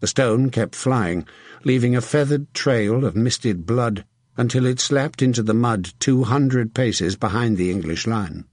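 A man reading a historical novel aloud as narrator, in steady, measured storytelling. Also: mid-range voice, no echo, clean studio sound. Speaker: audiobook narrator. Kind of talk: scripted narration.

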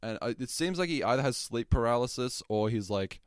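A man's voice: medium pitch, fairly quick, smooth, no room sound, clean studio sound. A man co-hosting a podcast, retelling a film plot in casual chat with jokey asides and silly voices. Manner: jokey, animated storytelling with silly put-on voices. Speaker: podcast co-host.

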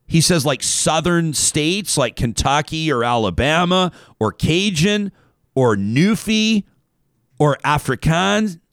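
A man's voice: on the high side, dry recording, clean studio sound. A man hosting a casual talk show, reading out a listener email and wandering off on tangents.

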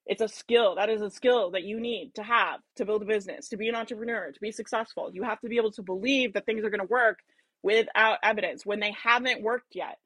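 A woman's voice: medium pitch, steady tone, fast talker, a bit bright, slightly rough, no echo. A woman giving a motivational business talk, emphatic and repetitive, often acting out whiny self-talk and laughing at herself. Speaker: business coach.

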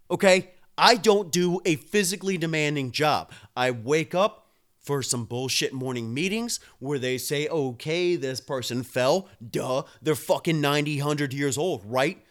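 Sipping a beer on his live stream, a man rants profanely and with real heat, responding to viewers and speaking to them directly. His voice sits fairly high in pitch and moves a little slowly.

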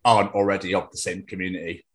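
A man co-hosting an interview podcast in an easygoing, agreeable way, often laughing along. His voice sits somewhat low. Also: flat delivery, fast talker. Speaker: podcast co-host. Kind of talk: casual interview chat.

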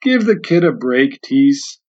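A calm, plain-spoken old grandpa, read by a man. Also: medium pitch, slow, voice pushed down. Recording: dull lo-fi sound.

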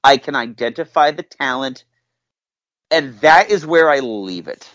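A man's voice: mid-range voice, expressive, measured pace, a bit bright, no echo. A man hosting a podcast in casual chat, joking and sarcastic as he runs the show. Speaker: podcast host.

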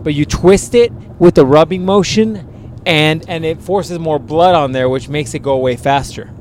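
Podcast host, man, thirties, profane and animated, a little high-pitched, faint hiss behind. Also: moderate pace. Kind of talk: crude casual banter.

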